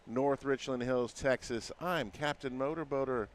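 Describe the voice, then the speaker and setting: A man doing live roller derby commentary from an arena, upbeat, reading lineups with shouted emphasis. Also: mid-range voice, unhurried. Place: arena broadcast booth. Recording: crowd noise from the arena. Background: arena crowd.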